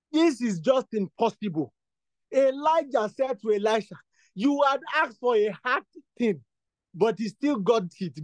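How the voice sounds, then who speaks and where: A man with a very high voice leads a prayer meeting, pressing the same phrases again and again and rising into fervent bursts. His voice sounds dry and close, with no room echo. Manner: repetitive, insistent, builds to fervent bursts. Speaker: prayer leader. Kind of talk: exhortation and spoken prayer.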